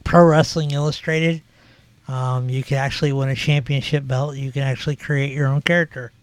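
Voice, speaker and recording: A man's voice: medium pitch, level tone, normal speed, dry recording. A man in his forties hosting a podcast, telling rambling stories in casual chat with lots of fillers. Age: 40s. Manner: rambling, filler-heavy storytelling. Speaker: podcast host.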